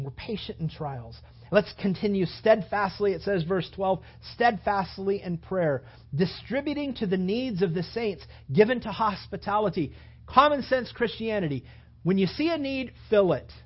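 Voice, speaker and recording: A man's voice: high-pitched, lively intonation, normal speed, breathy edge. A man preaching a sermon as pastor, building to emphatic, rising bursts. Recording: dull lo-fi sound.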